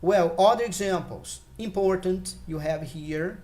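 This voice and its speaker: A man teaching an English lesson, explaining patiently and thinking aloud as he goes, with each word in a list falling in pitch. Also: a little slow, darkish tone. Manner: patient and explanatory, lets listed words fall in pitch; thinks aloud with fillers and restarts. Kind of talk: online English lesson for learners.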